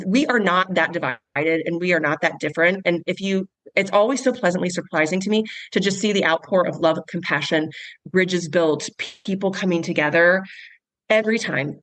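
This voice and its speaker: A woman's voice: lowish voice, fairly quick, fairly bright tone, dry recording, low-quality recording. A woman in her forties, a podcast guest and author, telling stories in an earnest, heartfelt way with frequent restarts. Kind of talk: casual interview chat.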